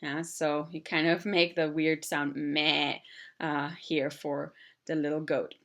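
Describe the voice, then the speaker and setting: Bright chatty German-born woman teacher. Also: deep voice, little pitch movement, slow. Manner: chatty, with many ums and uhs. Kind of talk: casual video lesson.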